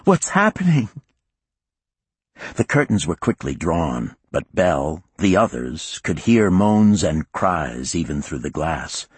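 A man reads a thriller audiobook in a measured, grave way. His voice is very deep and husky. The recording is dry and close to the mic. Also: expressive, no echo. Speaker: audiobook narrator. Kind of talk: scripted thriller narration.

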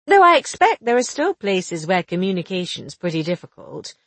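A woman reading the lines of a quick-witted young woman amateur sleuth, chatty and teasing, with a breathy voice. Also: fairly low pitch, big pitch swings, dry recording, pitched below the performer's own voice. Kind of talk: audiobook dialogue reading.

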